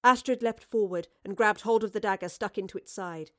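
A woman narrating a story aloud in an even, clear manner. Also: medium pitch, a little fast, no room sound, studio quality. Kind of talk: storybook reading.

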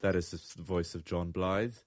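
Low-voiced man hosting a podcast. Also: steady tone, moderate pace. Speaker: podcast host. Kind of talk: casual podcast banter. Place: small studio booth.

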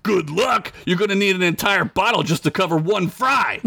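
Guy doing a rude big orc, gruff, trash-talking, kinda high and bright. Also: normal speed, full character voice. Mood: scornful. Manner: gruff, insulting. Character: big angry male orc, rude and boastful.

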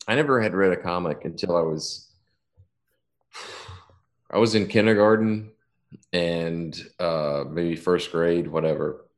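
A low-pitched man in his fifties tells a long personal story in casual chat. He rambles, swears, and often restarts his sentences.

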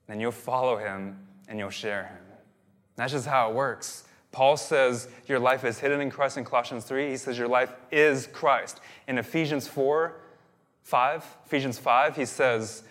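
A man preaching a sermon as pastor, energetic, with many restarts and fillers. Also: on the high side, big-room sound. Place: church hall.

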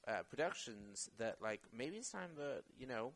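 A man's voice: mid-range voice, big pitch swings, normal speed, a bit bright, low-quality recording. A man, an actor and podcast guest, talking in a casual interview in a reflective way, often searching for his words.

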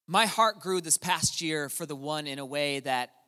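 A middle-aged man preaching a sermon as a pastor, telling stories and swinging from quiet asides to loud repetition. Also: a little high, normal speed. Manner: storytelling, swings from quiet to shouting. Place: church hall. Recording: long hall reverb.

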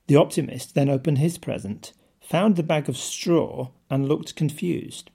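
A man's voice: on the high side, measured pace, creaky, hardly any pauses, mellow, breathy edge. A man giving a short scripted devotional talk, telling a story and asking rhetorical questions. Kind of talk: scripted sermon-style talk.

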